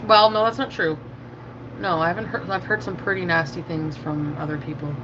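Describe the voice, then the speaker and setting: A woman's voice: on the low side, fairly quick. A woman chatting casually on a livestream, defensive and rambling, with many fillers of "like". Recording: muffled lo-fi stream audio with loud car noise.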